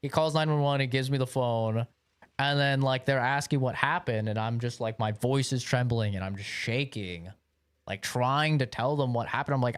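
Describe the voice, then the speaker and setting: A man's voice: mid-range voice, normal speed, smooth, no echo. A young man livestreaming, telling a long story in a casual, rambling way, swearing often and filling gaps with "like" and "bro". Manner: rambling, profane, lots of filler like "like" and "bro". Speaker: streamer.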